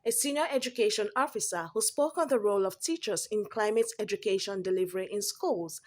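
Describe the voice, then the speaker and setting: A woman with a Nigerian accent reading a news report as voice-over in a measured way. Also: mid-range voice, darkish tone.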